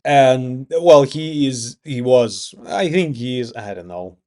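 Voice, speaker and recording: A young Russian-accented man talking to camera in a loose, rambling monologue, cutting himself off and swearing freely. His delivery is slow and unhurried, and his voice sits dark and mellow. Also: medium pitch. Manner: rambling, swears often, self-interrupting. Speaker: vlogger. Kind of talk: casual monologue.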